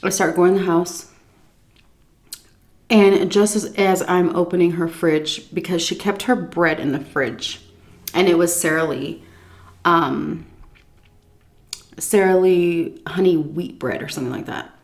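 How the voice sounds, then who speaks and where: An animated woman vlogger eats while she tells a story, switching between lively telling and muttered asides. She swears casually, and her voice sits on the low side. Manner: pauses for chewing and stomach noises while talking. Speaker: food vlogger. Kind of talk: story time while eating on camera.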